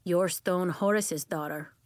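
A theatrical school principal booms his greetings and draws out his words in a storybook reading, voiced by a woman narrator. He sounds measured and grand. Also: dry recording, studio quality.

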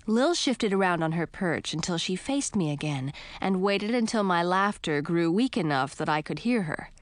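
Woman reading a kids story, super lively voice, close dry sound. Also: lowish voice, normal speed, no room sound. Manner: expressive, plays the princess frog in first person. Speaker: narrator.

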